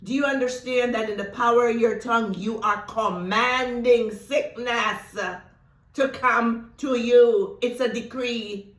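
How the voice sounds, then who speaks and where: A woman giving a spiritual teaching talk, whose first language is Thai, speaking emphatically, slowing down on key words and laughing often. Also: a little high, fairly even intonation. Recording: roomy echo.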